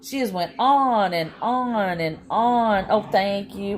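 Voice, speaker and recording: A woman, chatting casually and rambling with her live-stream viewers from home, worn out after a long day. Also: mid-range voice. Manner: rambling, drawn-out, tired.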